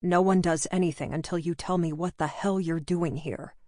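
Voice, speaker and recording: A woman reading the part of a gruff, impatient male detective in an audiobook, with curt, demanding lines. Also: fairly low pitch, fairly even intonation, moderate pace, a little mellow, dry recording, clean studio sound, natural voice.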